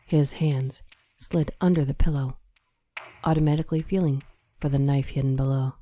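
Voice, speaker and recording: A woman narrating a horror story in a measured, dramatic storytelling manner. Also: a bass voice, steady tone, mellow. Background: faint music.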